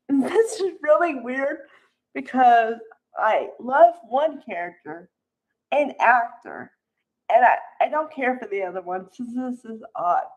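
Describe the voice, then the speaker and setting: A woman with a high voice speaks slowly as she gives frank, chatty opinions and laughs often. She calls people honey. The recording sounds dull and lo-fi. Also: lively intonation. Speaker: soap opera commentator. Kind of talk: casual opinionated commentary.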